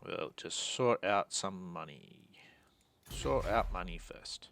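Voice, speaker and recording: A deep-voiced man talks through his moves in a strategy game, half under his breath. He muses to himself, with a gravelly rasp on the low notes. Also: a bit bright, a little hiss or hum. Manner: muttering, thinking aloud, self-deprecating. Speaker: gaming channel host.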